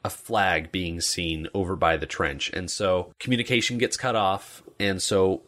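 A man's voice: low voice, steady tone, measured pace, fairly bright tone. A man casually retelling a movie's plot, stringing events together loosely with "and so" and "like.". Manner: loose storytelling with frequent "like" and "and so".

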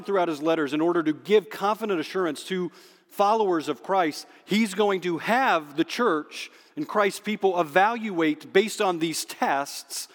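Male pastor, emphatic sermon delivery, slightly higher voice, long hall echo. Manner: emphatic, slows down on key phrases. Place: church sanctuary under stage spotlights.

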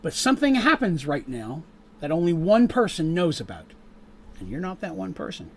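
Casual game master narrating a tabletop game. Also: male voice, a little high, very animated, moderate pace. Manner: casual, with fillers, stops to explain rules.

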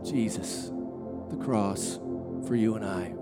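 A man preaching a sermon, telling a personal story in an earnest, animated way that builds in intensity. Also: on the low side, slow, loud music behind the voice. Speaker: pastor.

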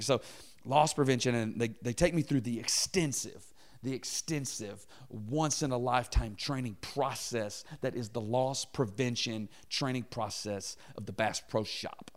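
A man's voice: mid-range voice, normal speed. A man in his thirties preaching, telling a comic personal story and acting out the quotes in funny voices. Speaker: pastor. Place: church auditorium.

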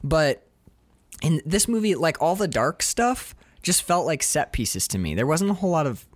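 Man, casual movie-review podcast, rambling, animated, slightly high voice, dry close sound. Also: moderate pace, no echo. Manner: rambling, animated, mimics characters for jokes. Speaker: podcast co-host.

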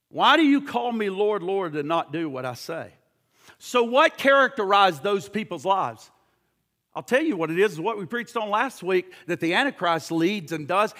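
Preaching a sermon, a man with a high-sitting voice speaks at a moderate pace with lively intonation. He is emphatic and pressing, tripping over repeated words, firing rhetorical questions at listeners, and shouting at points.

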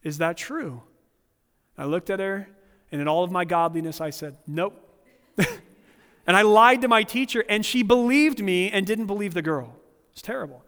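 Man pastor with a high voice, preaching earnestly and telling funny personal stories; long hall reverb. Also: lively intonation, brisk, fairly bright tone, clean tone. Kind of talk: sermon.

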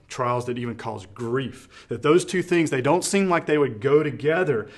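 Middle-aged pastor guy preaching, earnest, chatty, restarts a lot, mid pitch. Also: fairly bright tone. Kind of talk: sermon.

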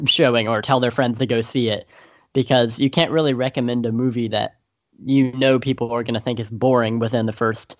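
A man's voice: mid-range voice, dry recording. A man co-hosting a podcast, talking in a rambling, hesitant way with many fillers in a casual movie review chat. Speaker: podcast co-host.

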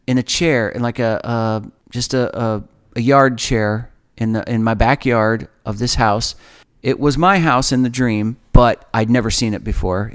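A man in his forties telling a personal faith testimony in an earnest, emotional way, often halting and restarting. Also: medium pitch, smooth. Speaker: speaker sharing a personal testimony.

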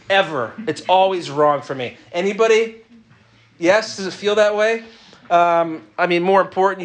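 A man's voice: a little high, a bit bright. A man preaching a conversational sermon, joking and asking the audience to raise their hands. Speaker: pastor.

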